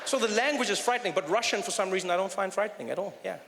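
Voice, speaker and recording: A man performing a stand-up comedy routine, animated and conversational with lots of "you know". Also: high voice, rapid-fire, vocal fry, noisy background. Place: comedy stage in a hall. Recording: hall reverb, faint room ambience.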